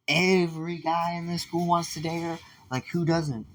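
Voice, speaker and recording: A man doing a pushy jealous schoolboy, pitched up. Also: level tone, a little slow, a bit bright, a little hiss or hum. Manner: insistent, incredulous questioning. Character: pushy teenage boy classmate, nosy and jealous.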